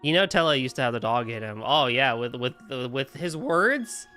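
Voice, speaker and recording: A chatty man streaming a game, giving casual commentary and reading the on-screen text aloud. His voice has a middle pitch that swings lively up and down. Faint guitar game music plays behind him. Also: moderate pace.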